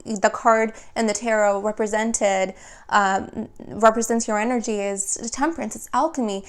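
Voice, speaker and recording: A young woman giving a spiritual tarot reading, talking in a quick, flowing way that often restarts and repeats her phrases. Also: medium pitch, steady tone, clean tone. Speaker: tarot reader.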